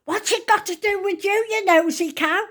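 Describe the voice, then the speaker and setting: A woman's voice: very high voice, little pitch movement, slow, voice pushed up. An older woman doing a cranky old neighbour lady. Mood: scolding. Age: 70s. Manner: shouting, blunt.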